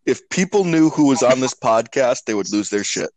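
A man's voice: mid-range voice, expressive, normal speed, dry recording, poor audio. A man hosting a casual podcast over online voice chat, crude and joking, laughing often. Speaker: podcast host.

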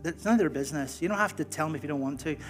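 High-voiced pastor, casual and stammering. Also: male voice, very fast, over music. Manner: casual, conversational, frequent stammered restarts. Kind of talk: sermon closing and prayer.

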